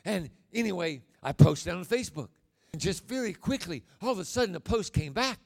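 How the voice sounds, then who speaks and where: Gravelly high-voiced preacher in his sixties. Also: expressive, brisk. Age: 60s. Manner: emphatic, folksy storytelling with sudden loud bursts. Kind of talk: sermon.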